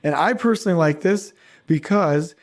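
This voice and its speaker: A middle-aged man hosting a podcast alone, talking casually and teasing his listeners with quick asides. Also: on the high side. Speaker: podcast host. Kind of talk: casual solo podcast monologue.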